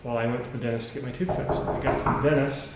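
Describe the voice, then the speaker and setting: American dad vlogger, wry and rambling, mid-pitched, echoey room with noise. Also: male voice, flat delivery, racing. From United States. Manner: rambling and wry, with self-corrections. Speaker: vlogger, father. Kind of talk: casual storytelling to camera.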